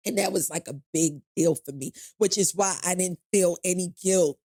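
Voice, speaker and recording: A woman's voice: fairly low pitch, normal speed, warm tone, dry recording. A middle-aged woman guest on a podcast, retelling a painful personal story in a blunt, profane, emphatic way.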